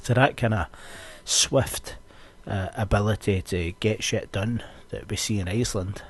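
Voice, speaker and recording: A man's voice: lowish voice, measured pace, slightly rough. A young Scottish man, a podcast host, chatting casually and ranting with plenty of swearing. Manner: sweary, ranting, animated storytelling.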